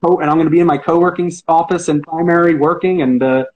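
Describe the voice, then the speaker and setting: A man's voice: on the high side, steady tone, quick pace, lo-fi sound, a little hiss or hum. A man answering interview questions, earnest and optimistic, often hesitating and restarting. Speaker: interview guest, hospitality professional.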